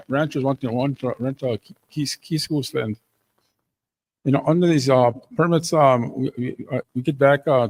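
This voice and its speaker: A man's voice: mid-range voice, darkish tone. Guy stumbling through a short report, lots of restarts, bit of noise behind. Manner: halting, many stammered restarts. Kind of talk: short presentation.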